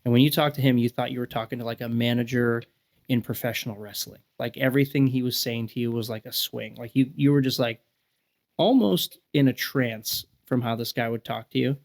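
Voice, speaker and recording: Gravelly guy around 40 swapping stories on a podcast, cusses a lot, does the voices. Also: medium pitch, brisk. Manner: profane, animated storyteller acting out quotes. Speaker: podcast guest. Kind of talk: casual storytelling chat.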